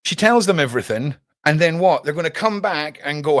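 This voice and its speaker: A man's voice: on the high side, lively intonation, fairly quick, hardly any pauses, a bit bright, no echo, studio quality. A man hosting a livestream, chatting sarcastically and jokily with lots of slang. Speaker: livestream host. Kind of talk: casual commentary.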